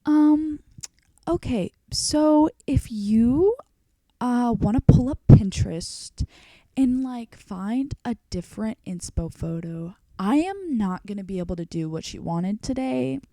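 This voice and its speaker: A woman voicing a nervous young female hairstylist who hesitates, fills with "um" and soothes in a high voice. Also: very animated, normal speed, vocal fry, few pauses, mellow, no echo. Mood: hesitant.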